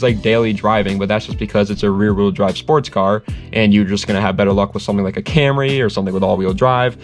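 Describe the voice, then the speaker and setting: Laid-back young man reviewing a car. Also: on the low side. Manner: rambling, laid-back, self-correcting, laughs often. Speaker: car channel host. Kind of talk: casual video review.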